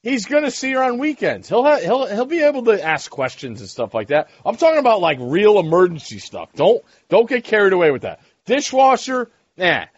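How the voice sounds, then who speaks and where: A man's voice: sits high, sing-song, dry recording, muffled recording. A man co-hosting a casual podcast chat, teasing and rattling off tips. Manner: teasing, gives rapid tips. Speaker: podcast co-host.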